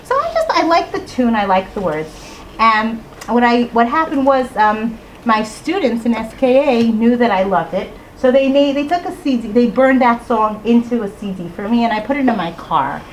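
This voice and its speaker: A middle-aged woman tells a personal story to a live audience, her voice sitting fairly high. She talks in an animated way and acts out little voices and rhyme lines as she goes. A faint noise sits under the recording. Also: normal speed, rough recording. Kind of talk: storytelling talk.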